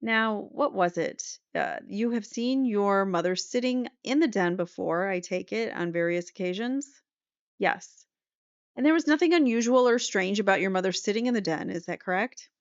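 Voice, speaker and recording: A woman's voice: mid-range voice, animated, moderate pace, clean tone, dry recording, natural voice. A woman voicing a courtroom prosecutor who cross-examines with pressing, repetitive questions. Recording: slightly muffled dry recording.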